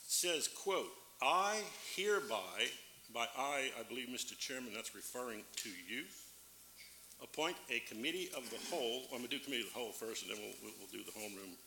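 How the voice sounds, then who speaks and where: A man serving as a parish councilman gives a formal floor speech, pausing often and reading legal text aloud slowly. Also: medium pitch, animated, creaky, bright, forceful tone. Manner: halting, reads legal text aloud slowly with many fillers. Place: council chamber. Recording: echoey meeting room with faint background hum.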